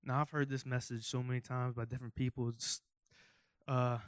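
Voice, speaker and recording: A man's voice: medium pitch, level tone, a little fast, clean tone, no echo. Man, young adult, casual joking sermon, self-mocking, rhetorical questions, dry recording. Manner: goofy, self-mocking, rambling with asides. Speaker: youth preacher.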